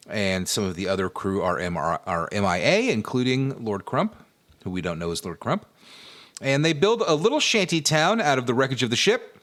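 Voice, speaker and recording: Lively man recapping a video game. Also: mid-range voice. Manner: narrates plot in a loose, joking recap. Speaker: podcast co-host recapping a game. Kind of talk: casual podcast chat.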